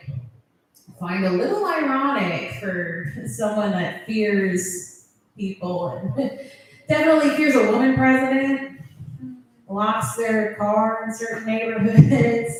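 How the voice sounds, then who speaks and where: Female comic, self-mocking and loose, mid-pitched voice, heavy room echo. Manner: self-deprecating, rambling, laughs at own jokes. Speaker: stand-up comedian. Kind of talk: stand-up comedy set. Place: comedy club. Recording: very echoey club room.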